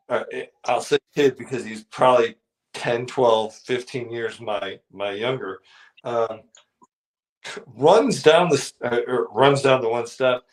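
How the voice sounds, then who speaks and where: A man's voice: medium pitch, rough recording. Rambling man telling a story. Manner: rambling, full of restarts and fillers; acts out the people in his story. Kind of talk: casual storytelling chat.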